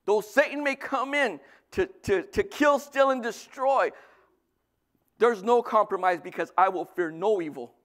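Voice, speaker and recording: A male pastor preaching a sermon, lively, swinging from loud bursts to soft asides. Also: high-pitched, measured pace.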